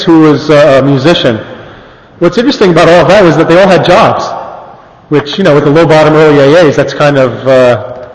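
Man reading aloud in an echoey hall. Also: a little high. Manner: plain reading with fillers and amused asides. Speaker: speaker on early AA history. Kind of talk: talk reading aloud from old newspapers. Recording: echoey hall with long reverb.

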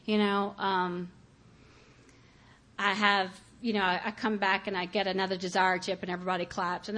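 A woman's voice: medium pitch, flat delivery, moderate pace, a bit bright. A woman giving a candid personal testimony about her recovery, talking conversationally with many fillers and acting out her past thoughts. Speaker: speaker sharing her recovery story.

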